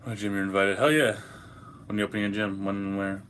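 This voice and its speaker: Low voice young guy, hungover, chill and sweary answering his stream chat, kinda noisy background. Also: monotone, very fast, fairly bright tone. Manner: profane, laid-back, reads chat questions aloud. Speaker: livestream host answering chat. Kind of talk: casual livestream chat.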